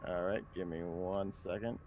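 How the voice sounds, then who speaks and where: A man's voice: deep voice, fairly even intonation, normal speed, a little mellow, muffled recording. A man playing a tabletop game, talking casually and matter-of-factly about his moves. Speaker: player.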